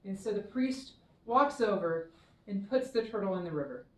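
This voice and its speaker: A woman minister giving a children's dharma talk, telling a story in a warm, expressive way. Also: mid-range voice, moderate pace. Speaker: temple minister. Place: temple hall. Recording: echoey hall, mic far off.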